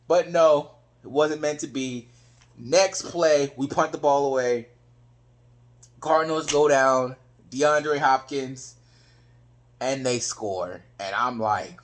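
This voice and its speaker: High-pitched man, excitable fan recapping a game in casual vlog talk. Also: normal speed. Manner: excitable, retells plays with his own reactions. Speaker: sports fan reviewing a game.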